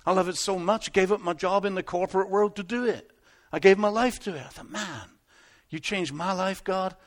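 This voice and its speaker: A man preaching a sermon in an animated, conversational way, repeating words as he builds up and slipping into little acted asides. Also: high-pitched, quick pace. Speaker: pastor.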